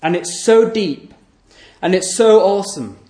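A man's voice: sits high, expressive, unhurried, mellow, reverberant. A man preaching a sermon, emphatic, building through long lists with rising force.

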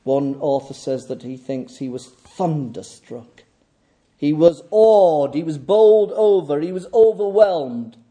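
A man preaching a sermon in a measured, emphatic way, pausing deliberately between phrases. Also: on the high side, dark tone.

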